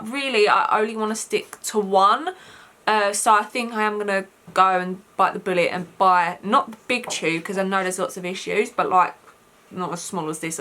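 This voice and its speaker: Chatty British woman with a bright voice. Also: mid-range voice. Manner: chatty, rambling with fillers. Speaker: beauty vlogger. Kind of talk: makeup tutorial talk.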